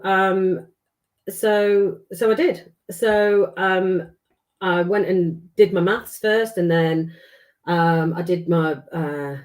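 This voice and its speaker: Middle-aged english woman, lowish voice, swears a lot, acts out the dialogue in her stories. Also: a little mellow. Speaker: podcast guest. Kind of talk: casual storytelling chat.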